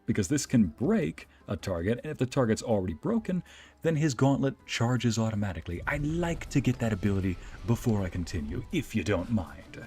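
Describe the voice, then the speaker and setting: A man's voice: mid-range voice, big pitch swings, fairly quick, a little mellow, husky, faint music behind. A man streaming a let's play, commenting playfully, joking and reading game dialogue aloud. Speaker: VTuber streamer and narrator.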